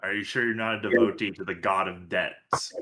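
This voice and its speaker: A man's voice: low voice, fairly even intonation, a little fast, bright, forceful tone. A man playing in a tabletop game, joking dryly and speaking both in and out of character. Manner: dry, joking. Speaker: player. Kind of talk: casual tabletop role-play.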